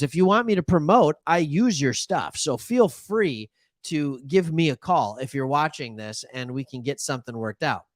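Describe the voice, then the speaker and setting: A man's voice: on the high side, no room sound, clean studio sound. A man from Michigan hosting a sports talk show, chatting casually and animatedly with joking asides. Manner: animated, joking asides, plays imagined callers.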